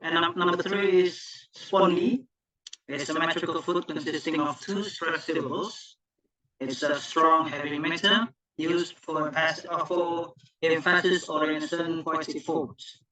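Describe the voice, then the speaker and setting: A man's voice: on the high side, fairly even intonation, a little slow, bright, forceful tone, low-quality recording. A man student giving a class presentation, reading from notes and correcting himself as he goes. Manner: correcting himself, restarting words.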